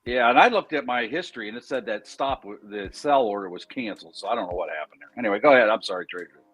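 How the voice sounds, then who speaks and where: A man's voice: mid-range voice, lively intonation, fast, a bit bright. A man on a trading panel, telling a long rambling story in casual chat and correcting himself as he goes. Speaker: trader on a panel.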